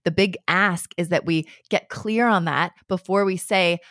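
A woman's voice: on the low side, measured pace, fairly bright tone, no room sound, clean studio sound. A woman guest giving casual, reassuring parenting advice in conversation.

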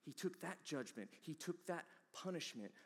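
A man's voice: fairly high pitch, animated, normal speed, husky. Dramatic preacher man in a reverberant hall. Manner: dramatic swings from hushed whispers to loud emphatic peaks. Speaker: pastor. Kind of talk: sermon.

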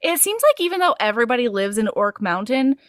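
Animated high-voiced woman, bawdy chat. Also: no echo, clean studio sound. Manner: bawdy, animated, quick to laugh. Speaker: podcast co-host. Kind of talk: casual book chat.

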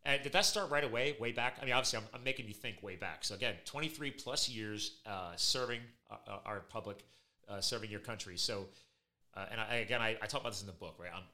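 Fast, bright-voiced male podcast host. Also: fairly low pitch. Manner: energetic, animated storytelling with laughs. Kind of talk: casual podcast chat.

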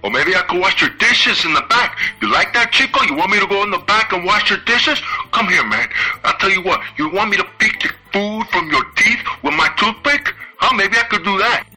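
A man doing a cocky, arrogant wrestler who speaks in a put-on Latin accent, fairly high and very bright in tone. He taunts and brags in an old TV promo clip, with faint music running behind him. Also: lively intonation, a little fast, husky, exaggerated voice. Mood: taunting. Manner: taunting, mocking, boastful.

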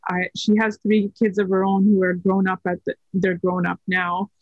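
A woman in her thirties, a podcast guest, telling a personal story in casual conversation, soft-spoken and hesitant with many fillers. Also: mid-range voice, flat delivery, moderate pace, dry recording, highs cut off.

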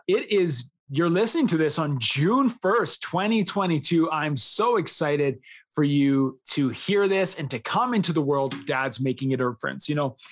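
A man in his thirties hosting a solo podcast, talking in an earnest, enthusiastic way, often smiling as he speaks. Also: fairly high pitch. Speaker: podcast host.

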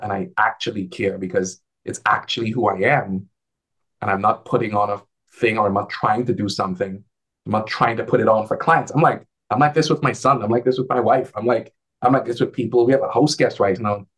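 A man talking casually as a guest on a video call, an advisor who tells animated stories and acts out the dialogue in a lifted voice. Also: lowish voice, fairly quick, husky. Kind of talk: casual conversational storytelling.

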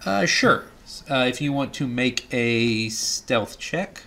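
A man's voice: medium pitch, lively intonation, takes it slowly, vocal fry, fairly bright tone. A man running a tabletop game as game master, narrating with many hesitations and fillers.

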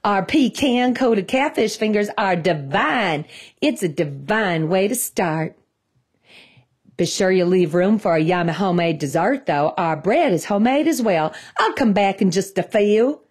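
A woman voicing a cheerful male waiter in his forties who puts on a thick Southern accent, speaking slowly and overly friendly. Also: high voice, animated, pitched below the performer's own voice. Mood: drawling, friendly. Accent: put-on Southern US. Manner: slow, drawn-out, overly friendly.

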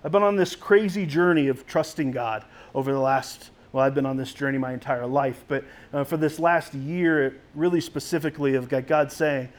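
A man's voice: on the high side, moderate pace. A man preaching a sermon as a pastor in a conversational way, with frequent restarts.

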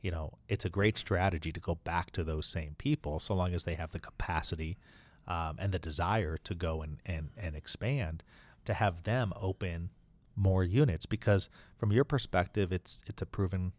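A franchise attorney and podcast host, this man has a deep, low-pitched voice and appears as an interview guest. He earnestly explains his points at a moderate pace, restarting sentences as he thinks, in a dry, close recording with no room sound.

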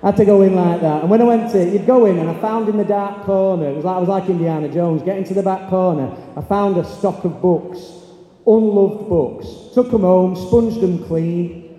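A man, a teacher telling an animated story on stage and acting out his pupils' voices. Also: high-pitched, normal speed. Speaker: teacher giving a talk. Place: large hall or stage. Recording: echoey hall, long reverb.

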